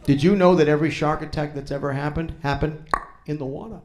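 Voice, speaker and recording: A man's voice: on the high side, fairly even intonation, fast talker, darkish tone. A man doing a profane stand-up set, teasing the crowd in a comedy club. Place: comedy club before a live audience.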